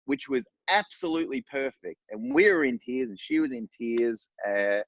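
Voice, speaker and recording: A man's voice: mid-range voice, very animated, moderate pace, dry recording, muffled recording. A man, a director telling a set story in a casual, rambling panel chat over a video call. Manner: rambling, warm storytelling with restarts.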